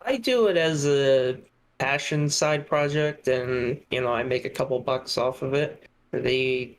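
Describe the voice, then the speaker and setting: A man's voice: medium pitch, measured pace, slight background noise. A man who is a podcast guest, talking casually with many restarts and fillers.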